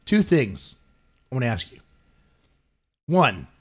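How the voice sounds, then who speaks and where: Slow and husky, a mid-range male voice swoops wildly in pitch as he hosts a podcast. He rants, swears, and mocks quoted people with affected voices.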